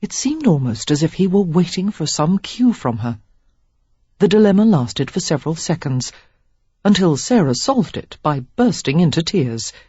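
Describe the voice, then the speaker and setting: An audiobook narrator giving an expressive, lively reading of a romance novel. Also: mid-range voice, normal speed, husky, no echo, highs cut off.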